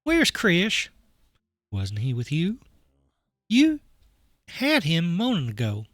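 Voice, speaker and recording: Sly Southern wine-mom voice from a man, high and drawling, dry mic. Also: wildly swooping pitch, slow, fairly bright tone, dry recording, exaggerated voice. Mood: breezy. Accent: Southern US, put on. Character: wine-sipping suburban mom, sly and breezy.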